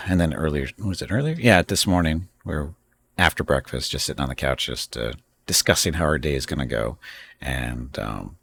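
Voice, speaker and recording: A man's voice: very deep voice, moderate pace, gravelly, a bit bright, breathy edge. A man hosting a casual live stream from home, rambling and chatting with frequent laughs. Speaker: streamer host.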